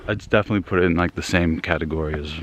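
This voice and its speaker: A man's voice: deep voice, very fast, slight background noise. Breathless young man rambling on a woods walk. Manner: rambling, self-deprecating, trailing off. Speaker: vlogger. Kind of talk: casual rambling vlog. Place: outdoors in the woods, walking.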